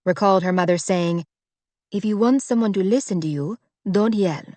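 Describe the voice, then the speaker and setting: A woman narrating a romance audiobook in a measured, even way on a close microphone. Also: mid-range voice, dry recording. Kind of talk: scripted narration.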